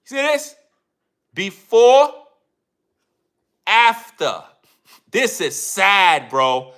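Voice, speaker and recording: A man's voice: sits high, sing-song, extremely slow, a bit bright, clear, resonant tone. A man giving an emphatic commentary rant as a YouTube commentator, repeating himself and addressing viewers directly.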